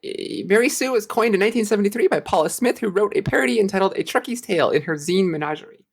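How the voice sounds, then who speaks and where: A woman co-hosting a podcast, chatting casually with quick asides and easy laughter. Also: mid-range voice, expressive, breathy edge. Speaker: podcast co-host. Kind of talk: casual chat.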